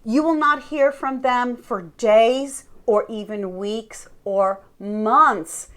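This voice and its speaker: A woman who is a Christian life coach, giving a deliberate, earnest teaching monologue with rhetorical questions. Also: fairly high pitch, fairly bright tone.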